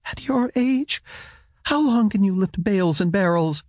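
A man voicing a sharp, bitter poor mother. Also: sits high, lively intonation, measured pace, dry recording, voice pushed up. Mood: scornful. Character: worn, bitter poor mother, middle-aged woman. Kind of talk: audiobook character voice.

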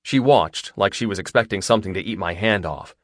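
Male audiobook narrator, deep voice, dry studio sound, intimate and steady. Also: a little fast, dry recording. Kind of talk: first-person romance narration.

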